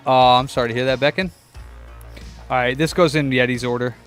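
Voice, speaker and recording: While working in his repair shop on a casual livestream, a young man talks to himself and his viewers over soft background music. His voice is medium-pitched, steady, smooth, and a bit bright, with a brisk pace, and his rambling chatter is full of profanity as he looks for parts.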